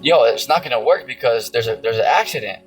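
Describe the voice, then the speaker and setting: A man's voice: medium pitch, expressive, quick pace, poor audio. Male preacher, loose and rambling, swears a lot, mid-range voice, music bed behind. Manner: rambling, heavy on fillers, profane. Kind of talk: casual sermon with scripture reading. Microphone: phone screen recording.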